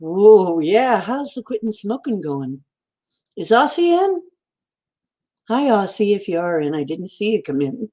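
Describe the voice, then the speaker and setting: A woman livestreaming from home greets her viewers by name and rambles on, giggling in stream-of-consciousness style. Her mid-range voice is mellow and very animated, yet unhurried.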